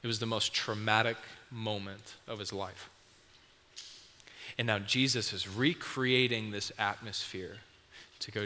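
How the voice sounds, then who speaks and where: A man preaches a sermon, retelling a story to his listeners with vivid detail. His voice is low with a bright edge. It rings with a long hall reverb over a faint background hiss. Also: steady tone, unhurried. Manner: vivid storytelling, speaking to the audience.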